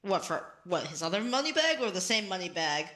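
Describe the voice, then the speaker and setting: Bright-voiced woman player. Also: lowish voice, big pitch swings, fairly quick. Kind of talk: casual tabletop play.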